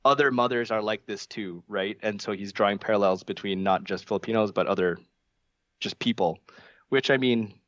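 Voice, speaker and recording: A man's voice: fairly low pitch, moderate pace, fairly bright tone, dry recording, lo-fi sound. A man co-hosting a podcast, talking casually with lots of restarts and fillers. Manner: hesitant, many restarts and fillers. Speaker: podcast co-host. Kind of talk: casual discussion.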